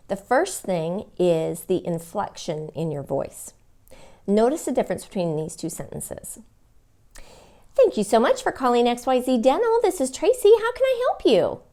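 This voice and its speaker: Animated woman coaching front desk staff. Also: medium pitch. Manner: animated and expressive, acting out phone greetings. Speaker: dental front office trainer. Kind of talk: instructional training talk.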